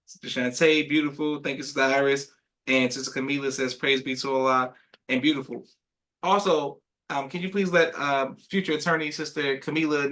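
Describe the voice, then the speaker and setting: An upbeat man hosts a live podcast, his voice pitched a touch high and strikingly bright. He affirms his guest often and reads viewer comments aloud with enthusiasm. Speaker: podcast host.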